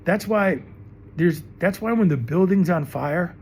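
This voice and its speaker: A middle-aged man delivers an impassioned, rambling teaching monologue to camera, speaking emphatically and often repeating himself. His high voice is expressive and darkish, with a slightly slow pace. Slight background noise is audible.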